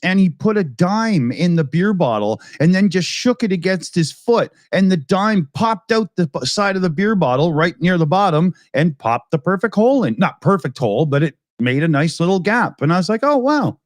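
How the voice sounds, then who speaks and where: A man's voice: high voice, lively intonation, moderate pace, few pauses, dry recording. A man hosting a casual talk show, telling rambling stories with lots of laughs. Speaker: show host. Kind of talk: casual chat.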